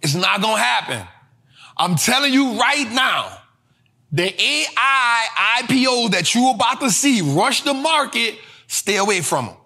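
A man with a high, bright voice that swings widely in pitch, teaching money lessons in a slangy street style. He drills each point home by repeating it and breaks into shouts. The delivery is animated and emphatic. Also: a little slow, vocal fry. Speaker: host.

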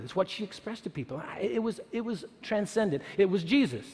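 Animated man preaching in a reverberant hall. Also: high-pitched, a little fast, few pauses. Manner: animated, rhetorical questions, emphatic repetition. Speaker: speaker at a church or university gathering. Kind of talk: sermon-like talk.

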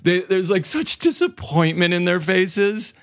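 A man's voice: high-pitched, a little slow, smooth. Man with a Dakota accent hosting a podcast. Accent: American, Dakota. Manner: self-deprecating, animated storytelling. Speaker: podcast host. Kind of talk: casual solo podcast talk.

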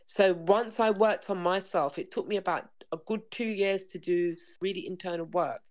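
A woman's voice: on the low side, normal speed. Earnest woman, lo-fi sound. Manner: earnest, repetitive, acts out dialogue. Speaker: parenting coach guest. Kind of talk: conversational interview. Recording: dull lo-fi sound.

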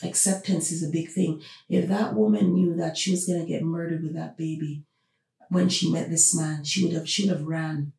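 Woman podcast host, gravelly, mellow voice, emphatic rhetorical questions, echoey room, far from the mic. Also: low voice, fairly even intonation, normal speed. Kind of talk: opinionated podcast monologue. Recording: roomy, distant from the mic.

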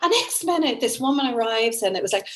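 A woman's voice: fairly high pitch, quick pace, low-quality recording. A woman with an Irish accent, a guest in an interview, telling a personal story earnestly and with feeling. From Ireland. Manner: earnest, emotional, animated storytelling.

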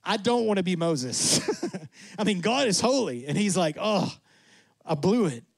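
A man preaching with a high voice and lots of energy. He acts out God and Moses in quick asides. The sound is dry and close. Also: lively intonation, vocal fry, no echo. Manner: drops to a soft, low voice for emphasis. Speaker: pastor. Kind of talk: sermon.

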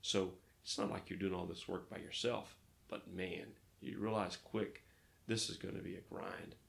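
A man from Arkansas, a pastor, telling lively stories in a casual interview and acting out the dialogue. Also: low-pitched, moderate pace, gravelly. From Arkansas, United States. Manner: lively storyteller who acts out dialogue.

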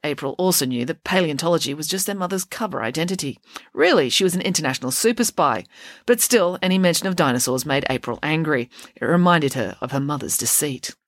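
Lively woman storyteller. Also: low-pitched, fast, dry recording, studio quality. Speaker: narrator. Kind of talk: audiobook narration.

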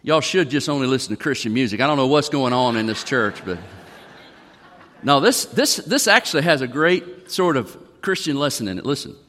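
A man's voice: medium pitch, expressive, moderate pace, a bit bright. A man preaching a sermon to a church congregation, folksy and conversational. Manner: folksy, conversational, reads song lyrics aloud. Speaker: pastor. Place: church sanctuary. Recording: long reverb of a church hall.

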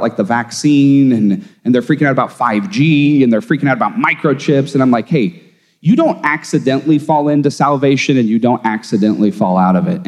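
A man who teaches theology, talking casually and emphatically, telling stories in a podcast conversation. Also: a little high. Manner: animated, emphatic storyteller. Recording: long room reverb.

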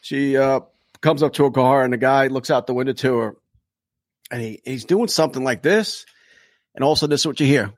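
A man's voice: mid-range voice, a little fast, no echo, studio quality. Laid-back man telling a cop story. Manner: laid-back, laughs often, acts out quotes. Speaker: podcast co-host, former police officer. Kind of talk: casual storytelling chat.

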